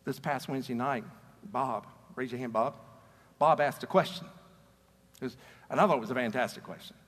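A man's voice: mid-range voice, brisk, a bit bright. A man preaching a conversational sermon as pastor, earnest and storytelling, often repeating words as he starts a sentence. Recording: long reverb of a large hall.

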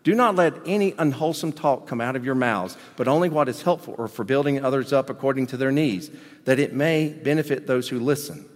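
With a mid-range voice and a fairly quick pace, a man preaching as pastor alternates animatedly between loud emphasis and quiet asides. Long hall reverb colors the sound.

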